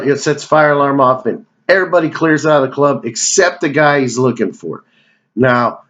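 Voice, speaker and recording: A man's voice: on the high side, fairly bright tone, highs cut off. A man giving a casual, rambling movie countdown, joking and cursing as he goes off on tangents. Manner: digressive, profane, joking. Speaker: movie review vlogger.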